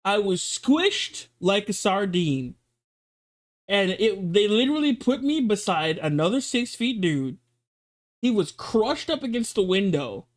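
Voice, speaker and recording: High-pitched guy streamer ranting about a story, animated, swears a bit. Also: a little slow. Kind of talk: casual chat and storytelling.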